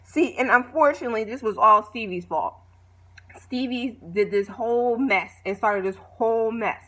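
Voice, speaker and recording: A woman vlogger casually recapping a reality show, animated, opinionated and full of slang. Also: a little high, moderate pace.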